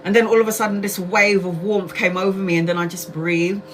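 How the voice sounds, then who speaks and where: A woman's voice: mid-range voice, little pitch movement, a little fast, a little hiss or hum. A woman in her forties, a tarot reader hosting a casual livestream, telling a story in a chatty way, laughing often, swearing freely and acting out what people said. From Brazil. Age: 40s.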